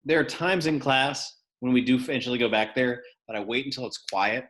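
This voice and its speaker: Male math teacher, online class, computer mic, hushed-then-booming delivery, middle pitch. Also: steady tone, brisk. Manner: shifts from hushed to sudden loud bursts. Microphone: computer mic on a video call.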